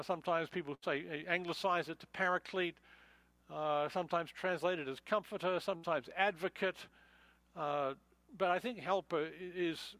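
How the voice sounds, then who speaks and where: A man's voice: sits high, fairly bright tone, dry recording, poor audio. A man preaching a conversational expository sermon, with many fillers and restarts as he explains a passage verse by verse. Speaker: pastor.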